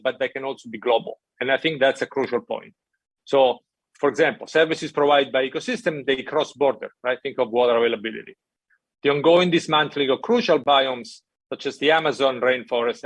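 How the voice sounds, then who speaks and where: Man giving a measured policy talk. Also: medium pitch, no echo. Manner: measured, emphatic, frequent "right?" check-ins. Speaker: conference speaker from an international financial institution. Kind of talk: prepared conference talk.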